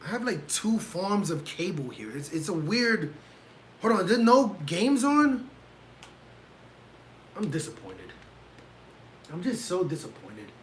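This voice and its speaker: Animated high-voiced man ranting on stream. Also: measured pace, pauses often, a little hiss or hum. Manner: animated, ranting and exasperated, talks to chat. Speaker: livestream host reacting to fights. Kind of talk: casual livestream chat. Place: home room.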